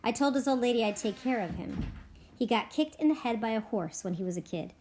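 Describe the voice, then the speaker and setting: A woman reading aloud, voicing a wary, protective farmhand who speaks in quick, defensive, folksy sentences. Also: a little high, lively intonation, a little mellow, lightly acted. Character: wary, protective itinerant farmhand, adult man.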